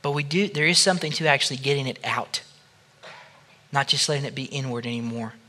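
A pastor with a very bright, forceful tone guides his listeners through prayer. He speaks softly and slowly, pausing between short phrases, at a middling pitch for a man. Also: fairly even intonation, slight background noise. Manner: soft, slow prayerful guidance that rises to loud praise.

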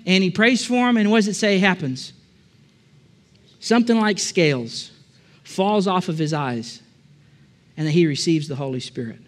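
Male preacher, high voice, conversational sermon building to emphatic repeated phrases. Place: church with a balcony.

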